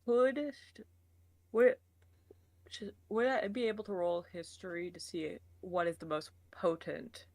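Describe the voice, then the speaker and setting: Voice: medium pitch, fairly even intonation, a little slow, dry recording. Casual, swearing tabletop player. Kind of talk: casual game chat.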